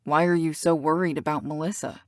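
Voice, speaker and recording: A woman's voice: sits low, fairly even intonation, a little fast, dry recording, studio quality, natural voice. A woman voicing a cocky teasing bad boy. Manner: teasing, smooth, full of innuendo. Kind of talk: audiobook character reading.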